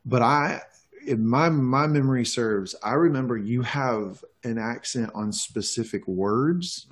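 A man's voice: medium pitch, measured pace. A man from North Carolina co-hosting a casual chat, telling stories in a candid, reflective way. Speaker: podcast co-host.

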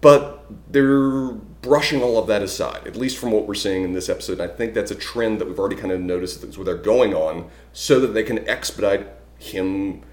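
Podcast cohost guy, dry teasing humor, lowish voice, roomy echo. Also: moderate pace. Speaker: podcast co-host. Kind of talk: casual chat.

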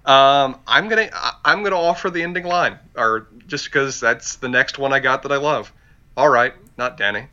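A man's voice: mid-range voice, moderate pace, hardly any pauses, pushed and bright. A man co-hosting a casual podcast, chatting and reading lines from a show aloud. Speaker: podcast co-host. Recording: dull lo-fi mic.

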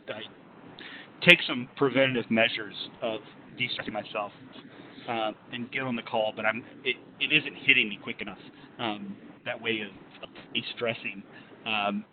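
A man on a podcast telling a story of his own in casual chat, emphatic and animated as he describes getting worked up. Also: mid-range voice. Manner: animated, emphatic retelling of frustration. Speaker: podcast co-host. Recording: tinny phone line with faint noise.

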